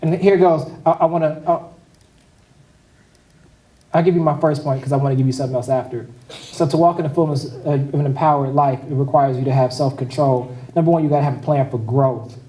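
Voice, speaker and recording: With a warm, medium-pitched voice and a brisk delivery, this pastor keeps his sermon conversational and throws in jokes for the congregation. He's captured at a distance, his words echoing through the hall.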